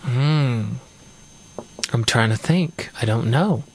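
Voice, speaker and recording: A middle-aged man co-hosting a radio talk show in casual chat, animated, often laughing and acting out voices as he tells stories. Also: medium pitch, slow, a little hiss or hum. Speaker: radio co-host.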